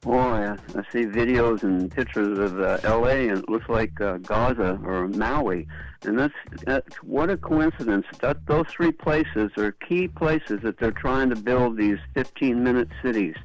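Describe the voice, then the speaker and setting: A man's voice: mid-range voice, measured pace, rough recording. Suspicious male caller, musing aloud. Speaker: radio caller. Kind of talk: call-in question.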